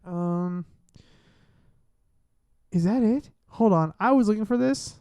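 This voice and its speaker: A man live-streaming casually, talking to himself in a flustered way as he fiddles with his software. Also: sits high, slow pace.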